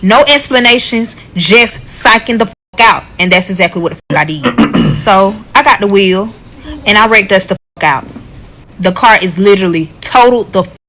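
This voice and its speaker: A woman telling a casual storytime, blunt and profane, animated as she retells what happened. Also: mid-range voice, normal speed, poor audio.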